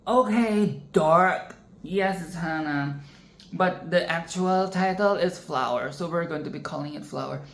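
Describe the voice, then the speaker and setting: A woman hosts a relaxed vocal lesson in an unhurried, slightly low voice, and she keeps stopping herself mid-thought. She slips into sung and exaggerated demonstrations as she goes. The room around her sounds echoey. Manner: chatty, self-interrupting, breaks into sung and exaggerated demonstrations. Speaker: singing tutorial host.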